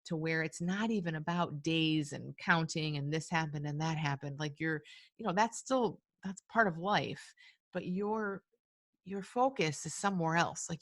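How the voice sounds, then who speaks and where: A woman with a low, gravelly voice hosts a live webinar and answers questions from listeners. She talks in a reflective, searching way with plenty of fillers. The sound is dry and close. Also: no echo. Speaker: webinar host and coach.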